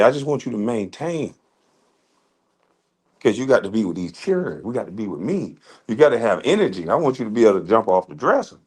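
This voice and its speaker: Blunt, cursing man on a rant. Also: mid-range voice. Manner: blunt, cursing, laughs often. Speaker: commentator reacting to online critics. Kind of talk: casual profane rant.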